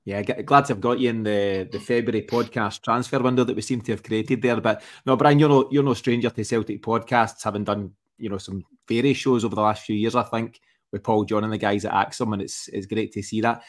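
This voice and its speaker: A man's voice: fairly low pitch, steady tone, brisk. A man hosting a podcast interview, asking friendly questions that he steers with fillers. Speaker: podcast host.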